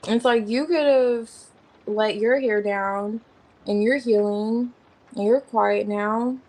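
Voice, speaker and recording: A woman reads tarot casually, using slang and thinking aloud as she names the cards, rambling as she goes. Her voice is on the high side, steady and a little mellow, she takes it slowly, and the audio is poor.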